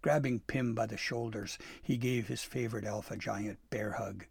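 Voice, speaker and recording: A man reading a storybook aloud in a soft, unhurried narration, gravelly and husky. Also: lowish voice, steady tone, dry recording.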